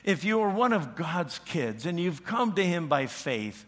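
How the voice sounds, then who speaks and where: A male pastor preaching a sermon, retelling a story with animated delivery and humorous asides. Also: on the high side, measured pace, hardly any pauses. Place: church.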